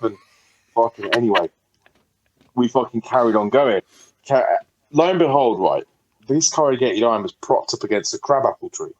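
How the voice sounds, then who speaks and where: A man's voice: mid-range voice, expressive, moderate pace, rough recording. A man, a podcast co-host telling a story in a rambling, sweary, casual way. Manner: rambling, sweary, laughing often.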